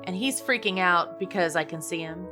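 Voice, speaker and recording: A woman playing a tabletop role-playing game, speaking in an animated way as she voices her character. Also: on the low side, moderate pace, music in the background. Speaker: player.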